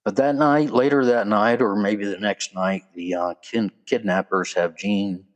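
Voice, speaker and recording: A man's voice: fairly low pitch, fairly even intonation, unhurried. A man hosting his own podcast, talking casually with chatty asides and a loose, conversational flow. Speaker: podcast host. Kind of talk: casual solo podcast talk.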